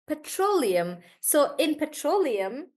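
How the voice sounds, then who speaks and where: A woman teaching English pronunciation in a live class, repeating each word slowly to model the stress and calling on students by name. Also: high voice, sing-song. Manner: calls on students by name and checks in with them.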